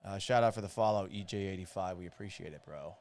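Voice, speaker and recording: A man's voice: sits low, quick pace, a little mellow. A man hosting a live podcast watch party, reading viewer comments and commenting on the game in a casual, joking way, swearing freely. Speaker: podcast host.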